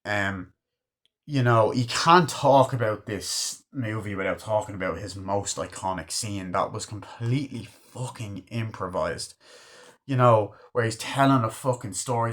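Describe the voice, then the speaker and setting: Profane, excitable man reviewing a movie. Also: on the low side, a little slow. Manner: excitable, swears a lot, acts out movie lines. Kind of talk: casual film review monologue.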